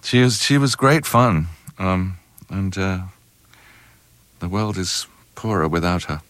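A man's voice: low voice, slow pace, no echo. A middle-aged English man with a British accent, an actor interviewed on radio, telling stories with frequent ums and hesitations. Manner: anecdotal, hesitant with many ums, animated storytelling.

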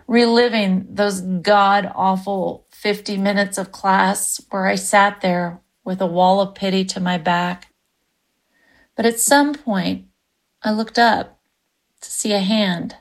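Woman with a gravelly voice telling a personal story. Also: mid-range voice.

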